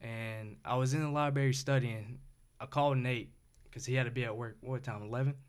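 A young man with a Southern US accent, telling a long story in a relaxed, rambling, slangy way on a podcast. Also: medium pitch, a little fast, clean tone. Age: young adult. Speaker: podcast guest, store co-owner. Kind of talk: casual storytelling chat.

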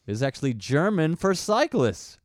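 A man's voice: on the high side, big pitch swings, moderate pace, dry recording, clean studio sound. A man co-hosting a podcast, rambling through casual chat and laughing often. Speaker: podcast co-host. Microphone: studio mic with headphones.

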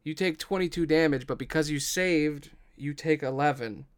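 A man narrating as game master of a tabletop game, measured and deliberate, with the odd swear. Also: on the high side, clear, resonant tone.

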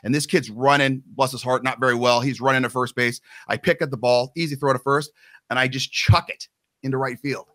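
A man's voice: mid-range voice, steady tone, fast talker, fairly bright tone, no echo, studio quality. A man hosting a podcast, telling stories in a rambling, casual, self-deprecating way and acting out the quoted lines. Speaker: podcast host. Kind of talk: casual storytelling.

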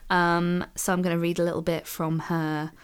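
A woman's voice: fairly low pitch, flat delivery, moderate pace, clear, resonant tone. A woman co-hosting a podcast, chatting casually and reading an introduction aloud in a careful, slightly posh reading voice with frequent ums. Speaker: podcast co-host. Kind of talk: casual chat and read-out introduction.

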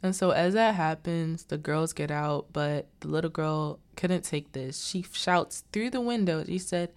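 A woman's voice: sits low, unhurried, hardly any pauses, clear, resonant tone. Rambling young woman recapping a film. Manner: rambling, lots of 'like', exasperated asides. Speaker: vlogger reviewing a film.

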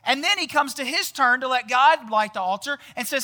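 A man's voice: very high-pitched, lively intonation, fairly quick, hardly any pauses, bright, forceful tone. A man giving a casual sermon, chatty and often quizzing the audience with questions. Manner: chatty, often tags lines with "right?". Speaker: pastor.

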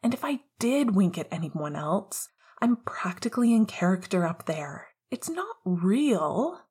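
A woman's voice: medium pitch, sing-song, a little slow, darkish tone, husky. A woman voicing a young man who pleads in a raw, desperate voice.

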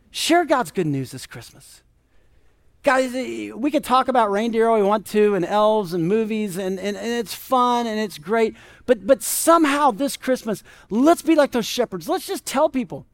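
A male pastor preaching a conversational sermon, telling stories and often asking "right?". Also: high voice. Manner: conversational, animated storytelling with frequent "right?".

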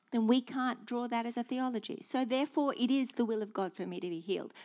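A woman's voice: medium pitch, fairly quick, few pauses. Emphatic New woman preaching. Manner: emphatic, declarative, with sudden hushed asides. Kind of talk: sermon.

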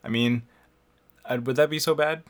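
A man's voice: medium pitch, normal speed. A man hosting a podcast in casual chat, talkative and laughing often. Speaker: podcast host.

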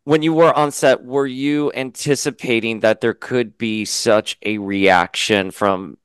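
A man interviewing an actress in a chatty, casual way, laughing easily and jumping in with quick remarks. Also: mid-range voice, fairly even intonation, smooth, no room sound.

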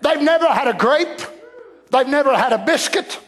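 High-pitched fervent preacher man. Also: animated, moderate pace. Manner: fervent, emphatic preaching with shouted peaks. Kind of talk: sermon.

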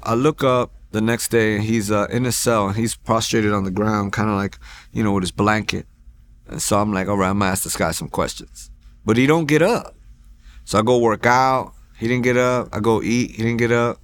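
A man telling his personal faith testimony at a church, in a casual, animated storytelling way that acts out quoted lines, with frequent restarts. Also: lowish voice, normal speed, a little hiss or hum. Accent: Texan. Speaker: testimony speaker.

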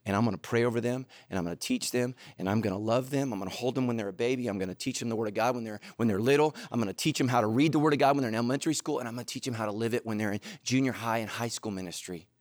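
Middle-aged guy preaching, storytelling, gets loud then drops low and earnest, dry sound. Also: racing, hardly any pauses, no room sound. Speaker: pastor. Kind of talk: sermon.

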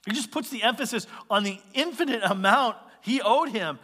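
A male pastor preaching a sermon, explaining scripture in an animated, conversational way with quick asides. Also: extremely high pitch, long reverb tail. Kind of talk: expository sermon.

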